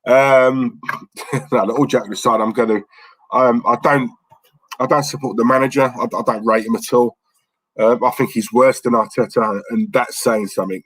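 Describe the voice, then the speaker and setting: A man's voice: mid-range voice, a bit bright, slightly rough, dry recording, poor audio. A man hosting a live stream, chatting in a blunt, rambling way and reading out viewer messages. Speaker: livestream host. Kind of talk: casual live-stream chat.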